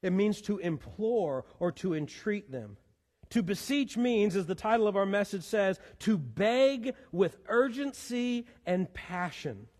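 A man preaches a sermon to his congregation. His voice sits fairly high, and it carries a long reverb from the church sanctuary. He talks in an animated way, stacking up pleading repetitions. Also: unhurried. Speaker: pastor.

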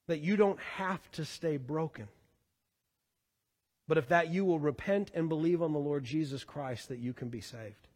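A man's voice: normal speed, long pauses, darkish tone. Earnest preaching man in a reverberant hall. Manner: earnest, building to fervent emphasis then dropping low. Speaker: pastor. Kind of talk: sermon.

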